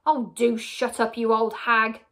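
A woman's voice: fairly high pitch, flat delivery, unhurried, creaky, fairly bright tone. A woman reading aloud and voicing a sly, scornful old man who teases and sneers. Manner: sneering, teasing.

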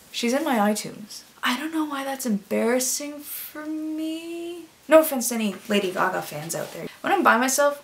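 A young adult woman vlogging casual confessions, chatty and self-deprecating, sometimes dropping into quiet whispered asides. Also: a little high, gravelly, a little hiss or hum.

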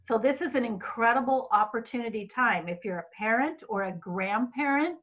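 A woman giving a Bible-based teaching talk about children's minds, earnest and expressive. Her voice is slightly hoarse from talking a lot. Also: fairly high pitch, normal speed. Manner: earnest and expressive, acting out what parents say to children. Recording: dull lo-fi recording.

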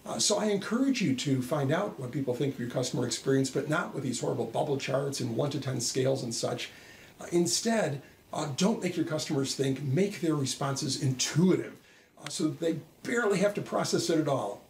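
A man's voice: a little high, lively intonation, a little fast, echoey room, slight background noise. A man giving a conversational business talk, telling wry anecdotes with frequent "uh" fillers. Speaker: business speaker and author. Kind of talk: explainer talk to camera.

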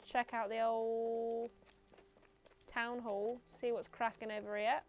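A woman's voice: on the high side, flat delivery, slow, faint music behind. A young woman streaming a video game, chatting playfully with viewers and laughing at herself.

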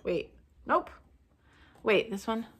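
A woman's voice: a little high, big pitch swings, takes it slowly, husky. A woman, a thrift vlogger, chatting casually through a haul video and gushing over each item she unwraps.

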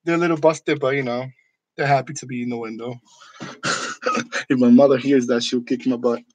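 A man's voice: mid-range voice, steady tone, moderate pace, low-quality recording. A man from New York chatting casually with his viewers, joking and laughing often in a room decorated for Halloween. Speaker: channel host. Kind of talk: casual live chat with viewers.

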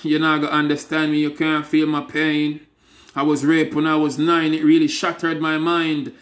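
A man's voice: fairly high pitch, monotone, normal speed, fairly bright tone, natural voice. A man voicing a bitter, hurt young woman who hates men, angry and accusing, in a spoken word poem. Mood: pained.

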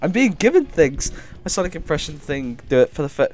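An excitable man hosting a live game stream, his fairly high voice leaping around as he reacts to chat. He coughs often and sounds a little under the weather. Faint game music plays under him. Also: a little fast, few pauses, no echo. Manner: excitable, reads chat and thanks viewers. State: coughing, feeling ill.

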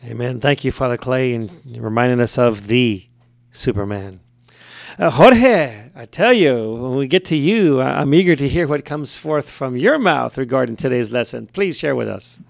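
Gravelly, soft-spoken male host. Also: mid-range voice, expressive, moderate pace, no echo, clean studio sound. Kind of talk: leading a prayer group.

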